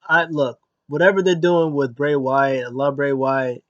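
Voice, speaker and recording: A man talks through a show in a relaxed, off-the-cuff review. He retells events with animated energy, often stumbling and restarting mid-sentence. His voice sits at an ordinary middle pitch. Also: a little slow, no room sound, lo-fi sound. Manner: animated retelling with acted quotes and many restarts. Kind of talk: casual spoken review.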